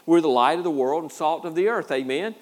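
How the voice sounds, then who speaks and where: A man's voice: a little high, brisk. A man preaching a sermon as pastor, in a folksy, self-deprecating way with a lot of repeated words. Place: church.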